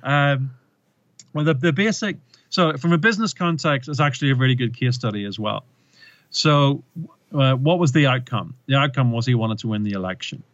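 A man's voice: mid-range voice, normal speed, no room sound, highs cut off. A man in an interview, explaining a communication case study and telling stories with rising emphasis. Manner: animated storyteller, retells with rising emphasis.

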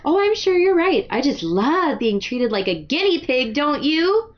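A woman's voice: sits high, very animated, unhurried, dull audio, voice pushed up. A woman voicing a sassy teenage girl with a sarcastic, mocking manner.

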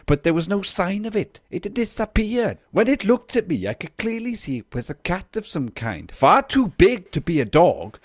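Man doing a Welsh drinker, raised pitch, loud and eager, lively ups and downs, dry close sound. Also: no room sound. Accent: put-on Welsh. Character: excitable male Welsh pub-goer telling a big-cat sighting.

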